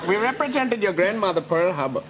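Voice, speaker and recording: A man's voice: high-pitched, very animated, brisk. A man playing a scheming male lawyer villain in a live comedy radio-serial sketch, with hammy theatrical delivery. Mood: smarmy. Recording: loud noisy live studio broadcast.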